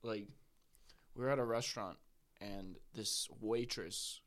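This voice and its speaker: A man's voice: mid-range voice, unhurried, a bit bright. A young man in a casual chat, telling stories in a blunt, profane, worked-up way. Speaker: guest.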